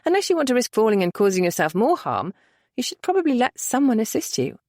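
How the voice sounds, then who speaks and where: A woman voicing a strong-willed young lady with an animated, rising-and-falling voice and a brisk, gently teasing way of talking. She is a narrator's own voice lifted a little, recorded dry and close. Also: fairly high pitch, no room sound, voice pushed up. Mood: lively.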